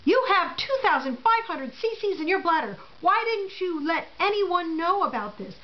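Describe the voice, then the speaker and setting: A woman's voice: extremely high pitch, big pitch swings, normal speed, pitched above the performer's own voice. A woman voicing a curt, reproachful female hospital nurse, heard on a dull lo-fi recording. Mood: scolding. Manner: brusque, reproachful.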